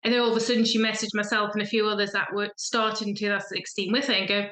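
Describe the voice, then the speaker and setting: A feng shui coach in her thirties, guesting on a podcast, tells her story chattily and performs the voices of people she quotes. Her mid-range voice is fast, bright and forceful with a level tone, recorded in an echoey room during this casual chat.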